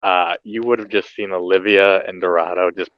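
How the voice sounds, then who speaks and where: A man's voice: deep voice, steady tone, normal speed, no echo, dull audio. A man playing a tabletop role-play game, cocky and teasing in character. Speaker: player.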